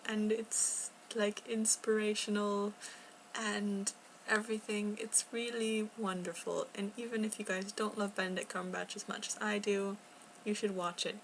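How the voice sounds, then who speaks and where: A young woman rambles through an unscripted home vlog, keeping her voice low and sometimes close to a whisper. Her tone carries a gravelly edge, and a faint hiss sits under the recording. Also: little pitch movement, measured pace, rough recording. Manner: rambling, chatty, filler-heavy with soft laughs; talking quietly, at times near a whisper. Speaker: vlogger. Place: home, indoors.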